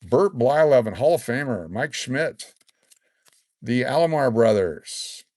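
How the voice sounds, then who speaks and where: A man in his sixties hosting a casual live stream, excitedly reading out collectible cards and rambling into stories. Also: mid-range voice, slow pace, no room sound. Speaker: livestream host giving away collectible cards.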